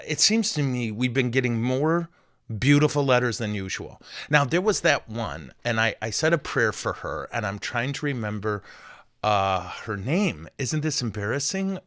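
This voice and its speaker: Male priest, podcast host, playful rambling banter, animated pitch, dry close mic. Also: dry recording. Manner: joking, self-deprecating, rambling asides. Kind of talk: casual podcast chat.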